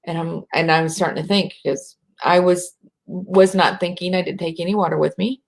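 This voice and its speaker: A middle-aged American woman with a slight rural twang, speaking softly and reflectively as a spiritual speaker, sometimes dropping into a whisper to guide breathing. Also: fairly low pitch, fairly even intonation, creaky. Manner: slow, soft, drops to a whisper at times.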